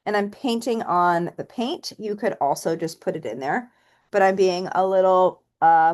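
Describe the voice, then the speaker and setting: A woman teaching a relaxed painting tutorial, chatting and thinking aloud as she works and counting softly while she stamps. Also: on the low side. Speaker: painting instructor. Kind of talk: relaxed step-by-step art tutorial.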